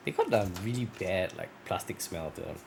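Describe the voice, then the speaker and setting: A low-pitched, very animated man talks fairly quickly while opening card packs, rambling casually and correcting himself as he goes. His creaky voice is turning scratchy from so much talking.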